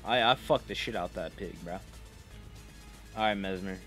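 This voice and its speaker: A man's voice: sits low, moderate pace, a bit bright, soft background music. A young man giving profane, frustrated commentary while playing a game, trash-talking bosses. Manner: swearing, frustrated outbursts, mocking trash talk. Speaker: gaming streamer.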